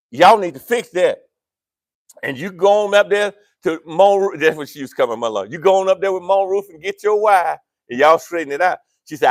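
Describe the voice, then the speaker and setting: A male pastor, preaching a sermon in a church with animated, playful asides to the congregation. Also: high voice, normal speed, dry recording, studio quality. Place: church sanctuary.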